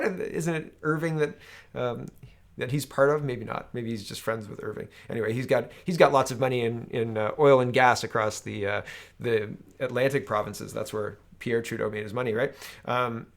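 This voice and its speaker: A man's voice: mid-range voice, fairly even intonation, moderate pace, vocal fry. A man hosting a solo political commentary show, sarcastic, reading headlines aloud and tagging his points with "right?". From Canada.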